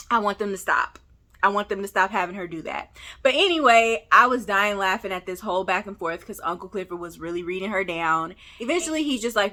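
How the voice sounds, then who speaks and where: A Southern woman from Memphis, casually recapping a TV episode as if talking with a friend. Her voice is bright and a little forceful, and she sits right in the middle of the usual pitch range for a woman. She is sassy, animated and talks straight to the camera. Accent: Southern American. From Memphis, Tennessee. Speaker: TV recap vlogger.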